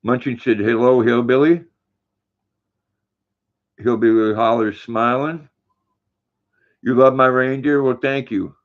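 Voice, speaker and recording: Older male stream host, folksy and easygoing, reads chat aloud; muffled low-fi audio. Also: steady tone, slow, pauses often. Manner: folksy, reads viewer comments aloud, talks to his dog. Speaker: livestream host. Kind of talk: casual livestream chat reading comments.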